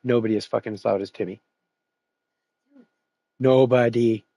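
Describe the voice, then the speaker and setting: A man's voice: medium pitch, fairly even intonation, moderate pace, creaky, warm tone, dry recording. A man hosting his stream, chatting casually in a rambling, profane way and laughing often. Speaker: streamer host. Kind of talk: casual chat after a sim race stream.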